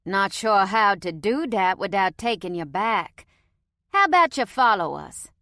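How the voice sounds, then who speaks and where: A woman's voice: mid-range voice, expressive, measured pace, bright, forceful tone, no echo, clean studio sound. A woman voicing a friendly, grinning Cajun scout man in his thirties, with a Cajun accent and an easygoing, coaxing drawl, in an audiobook. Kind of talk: audiobook character voice.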